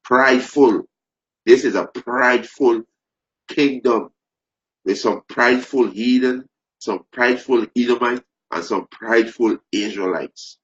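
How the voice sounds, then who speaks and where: A man preaching fervently, repeating phrases, restarting sentences and rising into loud emphasis. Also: medium pitch, a little slow. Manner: repetitive, stumbling restarts, rising to shouted emphasis. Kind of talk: impassioned preaching. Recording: dull lo-fi recording.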